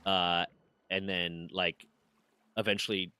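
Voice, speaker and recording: A man's voice: deep voice, little pitch movement, slow pace, bright, forceful tone, clear, resonant tone, no echo. A man streaming, casually telling a personal story with candid swearing and mock voices for others.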